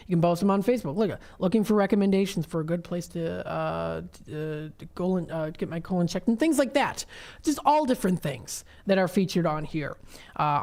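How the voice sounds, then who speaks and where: A woman's voice: fairly low pitch, mellow. A woman hosting a local radio shopping show, chatting casually and reading event listings off websites with many fillers. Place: radio studio.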